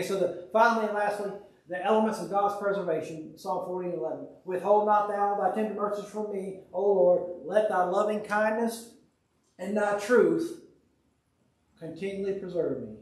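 A man teaches a Bible study in a relaxed, folksy manner, reading verses and quoting hymns between asides. His voice sits fairly high for a man. He is heard from a distance across a very echoey church room. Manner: folksy, conversational, reads scripture aloud and quotes hymns. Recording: very echoey room, speaker far from mic.

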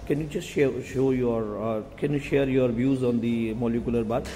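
A man with an Indian English accent talks slowly and hesitantly, filling gaps with many fillers as he guides a casual vlog tour. His voice is mellow and dark. A long reverb hangs around him in a large hall. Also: medium pitch, steady tone, a little hiss or hum. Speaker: hospitality vlogger.

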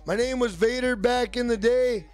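A man's voice: very high voice, moderate pace. A man live-streaming a game, chatting casually and profanely while reading viewers' messages aloud. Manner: rambling, profane, jokey, reads chat aloud. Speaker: gaming streamer.

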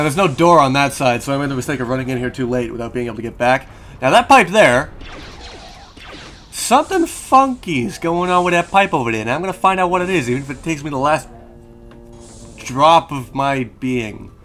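Lively joking young man gaming at home. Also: medium pitch, a little fast, pauses often, a little hiss or hum. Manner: joking, swearing, talking to his cat. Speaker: let's play host. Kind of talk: casual gameplay commentary. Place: room at home with a cat on the desk. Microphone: desk microphone.

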